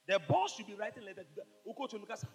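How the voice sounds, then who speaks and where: Fervent preacher, ringing hall. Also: male voice, high-pitched, lively intonation, very fast. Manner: fervent, rising to shouts. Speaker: pastor. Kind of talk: sermon.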